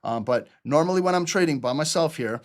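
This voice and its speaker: A man hosting a live trading stream, walking viewers through charts in a casual, energetic way. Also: fairly high pitch, fairly quick. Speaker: trading channel host.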